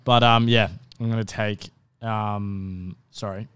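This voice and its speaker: A man's voice: fairly low pitch, fairly even intonation, takes it slowly, fairly bright tone, clear, resonant tone, no room sound. A man with an Australian accent co-hosting a podcast, rambling through his horse racing picks with lots of ums and self-corrections. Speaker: podcast co-host tipping races. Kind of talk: casual racing tips chat.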